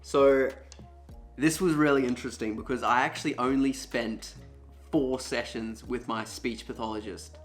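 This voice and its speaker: A young man casually telling his own story in a candid, chatty way with plenty of fillers, and his voice is smooth and low. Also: fairly even intonation, normal speed, faint music behind.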